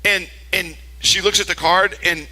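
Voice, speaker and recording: An older man delivers a sermon with animated storytelling. His voice is high and very bright, and he jumps into character voices as he tells the story. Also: measured pace, rough recording. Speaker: pastor.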